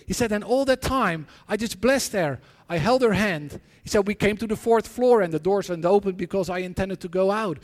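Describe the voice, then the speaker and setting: A sermon of prayer and personal stories comes from a high-voiced man whose earnest delivery keeps breaking off into restarts and repeated words. A large, reverberant hall gives his voice a long echo.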